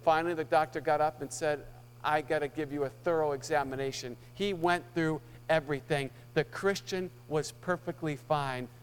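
A male preacher tells a story with earnest conviction. His voice is smooth, resonant and a little high, swelling on key words and sinking soft and low in the tense moments. It rings with long reverb through a hall over a faint mains hum. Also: steady tone, normal speed. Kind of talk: sermon storytelling.

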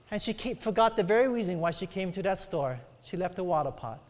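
A man's voice: sits high, fast, few pauses. A middle-aged man preaching a sermon, telling a personal story and acting out the voices in it, calling for amens from the congregation. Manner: storytelling, acts out quoted voices, calls for amens. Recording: long hall reverb.

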